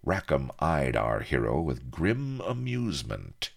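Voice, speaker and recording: A man narrating an adventure story in expressive scripted narration. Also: very deep voice, a little slow, gravelly. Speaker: audiobook narrator.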